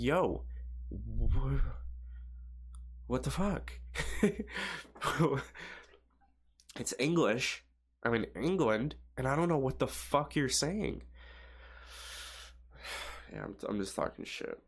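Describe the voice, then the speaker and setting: A man's voice: mid-range voice, expressive, slow pace, pauses often, breathy edge. A young man hosting a podcast, rambling casually and profanely, with many fillers and restarts. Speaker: podcast host.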